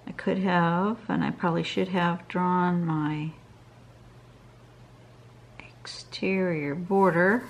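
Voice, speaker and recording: A woman's voice: fairly low pitch, steady tone, a little slow, creaky, few pauses. A woman giving a casual drawing tutorial, chatty and thinking aloud as she draws, sounding tired. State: tired, yawning. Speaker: drawing instructor. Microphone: camera over a drawing desk.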